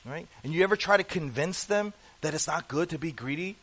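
Emphatic preaching man, fairly high voice. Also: animated, fairly quick, fairly bright tone, low-quality recording. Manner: emphatic, asks the congregation rhetorical questions. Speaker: pastor. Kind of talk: sermon.

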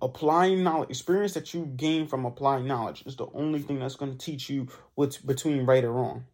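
A man's voice: mid-range voice, a little fast, a little mellow. A young man hosting a casual solo podcast, enthusiastic and motivational, talking through sayings and repeating them. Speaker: podcast host.

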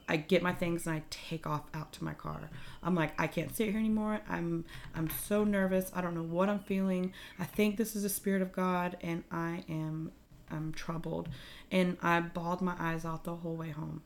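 Young woman with a lower voice, chatty and emotional, retelling a personal story in podcast style. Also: slight background noise. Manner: animated, emotional retelling with many fillers. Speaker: guest telling her faith story. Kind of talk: casual conversational storytelling.

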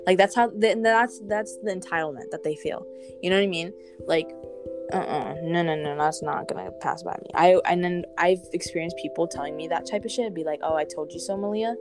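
A teenage girl co-hosting a casual chat, talking fast and loosely with lots of "like" and acted-out quotes. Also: lowish voice, music in the background. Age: teens. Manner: chatty, heavy use of "like", animated quoting. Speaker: co-host.

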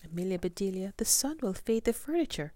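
A woman's voice: medium pitch, big pitch swings, brisk, warm tone, dry recording, pitched above the performer's own voice, lightly acted. A woman doing a shocked fussy lady of the house. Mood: flustered. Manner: shocked, exclaiming. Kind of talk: storybook read-aloud.

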